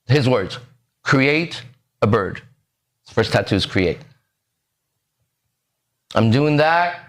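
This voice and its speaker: A man in his forties hosting a podcast, telling a story in a lively way that acts out the voices and keeps checking in with the listener. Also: mid-range voice, takes it slowly. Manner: animated, acts out quoted lines, keeps checking in with "right?". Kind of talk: casual storytelling.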